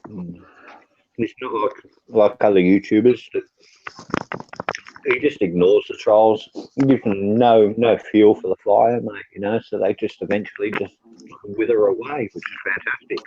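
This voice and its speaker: A man's voice: lowish voice, steady tone, moderate pace, dull audio, a little hiss or hum. An easygoing man with an Australian accent, a guest chatting casually and saying "mate" often. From Western Australia. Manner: easygoing, says "mate" a lot. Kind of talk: casual chat.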